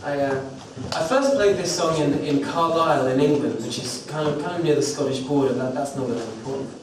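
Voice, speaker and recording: Man, self-deprecating storyteller, fairly high voice, live song intro, distant mic, very roomy sound. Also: a little fast, a crowd in the background. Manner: wry, rambling storyteller with self-deprecating humor. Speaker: singer-songwriter performing live. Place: recording studio with a small live audience. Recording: roomy, distant live recording with background noise.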